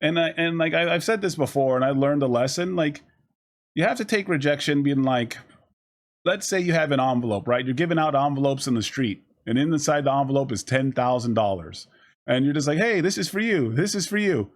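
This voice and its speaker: A man talks casually to his stream audience, handing out blunt advice. His talk is loose and rambling, with plenty of swearing. His voice sits at an ordinary middle pitch. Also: brisk. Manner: profane, rambling, animated with voiced asides.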